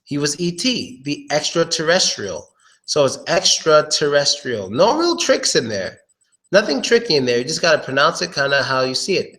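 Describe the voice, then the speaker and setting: A man giving a casual pronunciation lesson, drilling words slowly and chatting between examples. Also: medium pitch, a bit bright. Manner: slow, drawn-out drilling of words, chatty asides. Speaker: pronunciation teacher.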